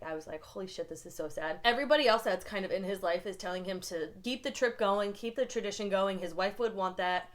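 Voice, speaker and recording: Chatty young woman gushing about books. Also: mid-range voice. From United States. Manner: chatty, gushing, lots of "like" fillers. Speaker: book reviewer. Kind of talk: casual book recommendation vlog.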